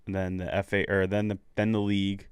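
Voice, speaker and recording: Man, podcast panelist, smooth clear voice, casual football talk, dry. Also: deep voice, completely flat delivery, fairly quick, no echo. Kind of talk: casual sports chat.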